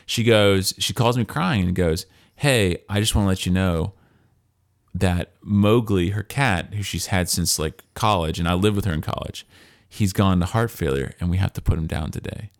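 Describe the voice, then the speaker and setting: Man, low-ish voice, podcast co-host, casual chat, rambling, reads from a list. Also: normal speed. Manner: rambling, chatty, reads list items aloud.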